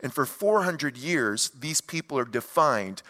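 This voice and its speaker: A man preaching an expository sermon with an animated, emphatic delivery and folksy asides. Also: mid-range voice, measured pace, few pauses. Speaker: pastor. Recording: long hall reverb.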